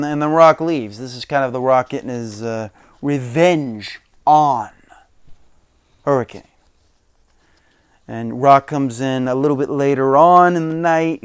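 A man hosting a podcast, recapping old wrestling shows in a casual, chatty way, laughing often and quoting wrestlers in animated bursts. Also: mid-range voice, clean tone, no room sound, studio quality. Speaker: podcast host.

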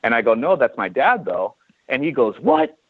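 Animated male storyteller on a tinny line. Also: mid-range voice, fairly quick, husky, no echo. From California. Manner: animated storyteller acting out dialogue. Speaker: guest, chiropractor. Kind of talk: casual interview storytelling. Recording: tinny phone-like dry line.

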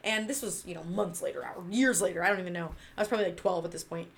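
A woman from Northern California telling animated childhood stories in a casual chat, acting out quotes with loud bursts. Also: on the low side, rapid-fire, gravelly. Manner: animated, acts out quotes with loud laughing outbursts.

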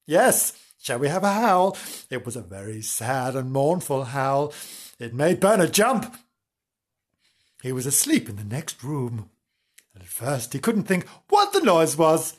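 A man's voice: medium pitch, big pitch swings, measured pace, slightly rough. A man reading a children's story aloud, with playful, chatty asides to the children.

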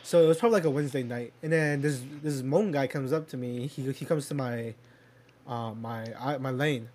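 Brisk and a little mellow, this young adult speaks at medium pitch while casually rambling through a lengthy story. Fillers and curse words pile up, and he laughs as he tells it.

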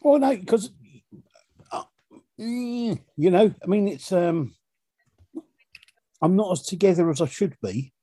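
A middle-aged man with a slightly raised, husky voice and a mellow, darker tone. He chats casually on a podcast and slips in dry, deadpan one-liners. The sound is close and dry. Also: high voice, slow, long pauses, no echo. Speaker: co-host, the host's father.

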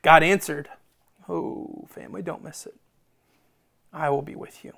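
A man preaching a sermon, animated and self-deprecating, acting out conversations between God and Moses. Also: fairly high pitch, measured pace, vocal fry. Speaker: pastor.

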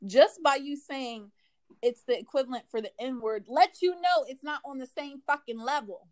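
A woman co-hosting a casual chat, sassy and quick with retorts, reading comments aloud. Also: high-pitched, a little hiss or hum.

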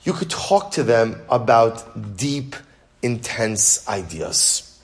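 A man teaching a Torah class in an animated lecture style, asking questions and answering them himself, quick bursts of speech and frequent restarts. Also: mid-range voice, vocal fry, soft background music.

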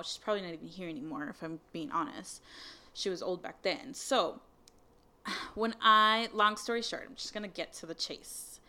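A young woman with a smooth, medium-pitched voice casually shares a personal story. She's candid, swears freely, and fills her talk with "like" and "um" while animatedly acting out the dialogue.

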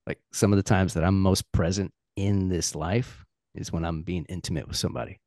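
A man's voice: low-pitched, brisk, no room sound, clean studio sound. A man in a casual podcast chat, telling a story with lots of acted-out dialogue. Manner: animated storyteller acting out quoted characters. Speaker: podcast guest.

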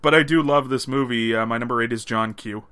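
A man from Canada co-hosting a podcast, chatting casually about movie rankings, laughing and swearing with quick asides. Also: medium pitch, sharp tone. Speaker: podcast co-host.

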